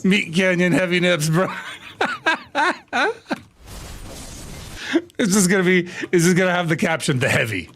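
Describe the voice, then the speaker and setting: A man's voice: high-pitched, sing-song, a little slow, pauses often, fairly bright tone. A man chatting casually on a live stream, telling crude jokes and breaking into frequent laughter.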